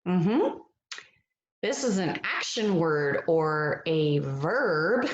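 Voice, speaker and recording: Woman teacher, slow, encouraging read-aloud; lowish voice, echoey room. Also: expressive, lo-fi sound. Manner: gentle, encouraging, drawn-out sounds. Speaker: reading teacher. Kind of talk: read-aloud phonics lesson.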